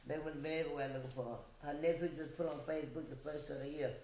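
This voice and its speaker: A woman guest in a casual chat, telling a story earnestly and slowly, often adding "you know". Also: low voice, fairly even intonation, mellow. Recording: echoey room.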